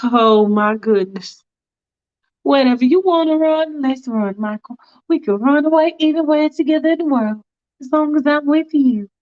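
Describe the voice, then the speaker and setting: A woman voicing a brash, sharp-tongued churchgoing businesswoman who turns cold and defiant. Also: high-pitched, normal speed, voice pushed up, lightly acted. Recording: dull lo-fi recording.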